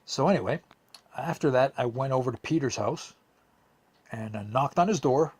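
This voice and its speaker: Man, young adult, podcast host, casual storytelling, slightly drunk, profane, husky. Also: mid-range voice, normal speed, long pauses, a little mellow. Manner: rambling, profane, with many fillers and restarts. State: a bit drunk, slurring.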